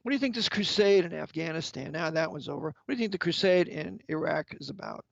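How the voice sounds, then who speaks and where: A man's voice: a little high, expressive, fast, vocal fry, no room sound. A man delivering an impassioned sermon-style lecture, angry and emphatic, firing rhetorical questions at the listener. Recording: dull, lo-fi, dry sound.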